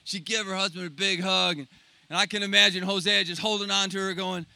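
A man preaching, retelling a scripture story dramatically, swinging between loud and hushed. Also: high-pitched, moderate pace, creaky. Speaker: pastor.

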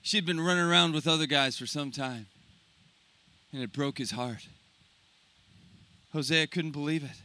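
A man preaching, retelling a scripture story dramatically, swinging between loud and hushed. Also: a little high, moderate pace, long pauses. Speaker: pastor.

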